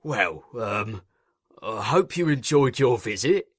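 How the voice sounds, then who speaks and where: A man's voice: on the high side, expressive, a little slow, a bit bright, no echo, clean studio sound, pitched above the performer's own voice. A man voicing a nervous, fawning male railway controller who whines and grovels. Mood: grovelling. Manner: grovelling, whining, stammering.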